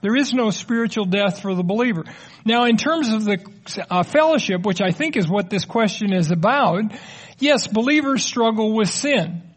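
High-voiced man teaching a sermon. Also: lively intonation, normal speed. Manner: conversational, explanatory, joking asides. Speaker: preacher. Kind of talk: teaching sermon with audience questions.

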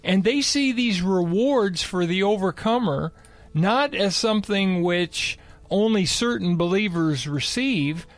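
A man teaching on a Christian radio show, explaining Bible passages in a measured, conversational way. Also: high-pitched, animated, dry recording.

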